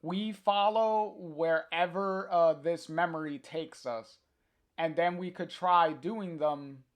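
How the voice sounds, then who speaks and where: A man's voice: fairly high pitch, steady tone, slow, muffled recording. A man reading the lines of a practical, level-headed young woman from a comic in a plain, matter-of-fact way.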